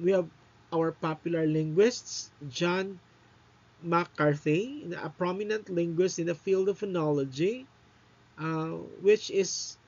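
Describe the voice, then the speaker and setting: Male teacher with a slow, unhurried delivery, checks in with "no?" after his points; muffled lo-fi audio. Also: high voice, a little mellow. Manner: often ends points with a questioning "no?"; explains step by step with fillers and pauses. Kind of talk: recorded lecture. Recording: dull lo-fi recording.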